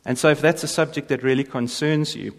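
A man giving a humorous faith talk to an audience, telling stories with jokes and quick impressions. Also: medium pitch, steady tone, vocal fry. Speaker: speaker. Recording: long reverb of a large hall.

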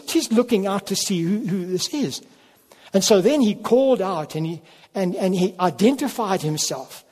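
A man preaching a sermon, telling a story in an unhurried way and then leading a quiet prayer. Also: high-pitched, animated, husky. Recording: long hall reverb.

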